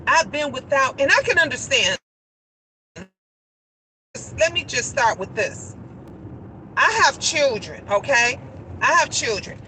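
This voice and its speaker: A woman tells a story in a casual phone vlog, animated, repeating her phrases for emphasis. Her voice sits high and rings bright. Faint traffic hums behind her outdoors. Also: slow, long pauses, poor audio. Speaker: vlogger.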